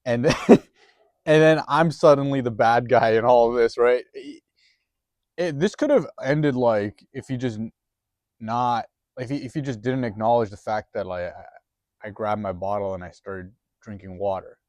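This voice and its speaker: A man's voice: medium pitch, moderate pace, a little mellow, no room sound, studio quality. A man telling a story in a rambling, profane, casual way, full of restarts and chuckles.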